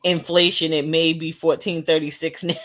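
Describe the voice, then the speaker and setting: Slow, laid-back woman streamer, low voice. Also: fairly bright tone. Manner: laid-back, slangy, laughs often. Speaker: host of a live talk stream. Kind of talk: casual live-stream chat with viewers.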